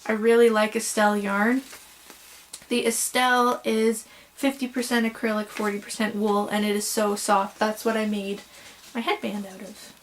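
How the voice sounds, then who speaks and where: A young crochet vlogger chats casually at home in a show-and-tell about her yarn, gushing and rambling a bit. She's tired and battling hiccups. Her medium-pitched voice is flat and moderately paced, with slight background noise.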